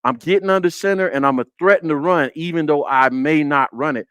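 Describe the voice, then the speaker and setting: A man's voice: fairly high pitch, fairly quick, fairly bright tone, smooth, no echo. A man hosting a casual football film breakdown on a live stream, repeating his points and talking to the chat.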